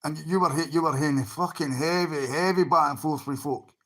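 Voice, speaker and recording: A man's voice: fairly high pitch, fairly even intonation, fairly quick, sharp tone. A Scottish man on a livestream, talking bluntly and swearing often as he answers people in his chat.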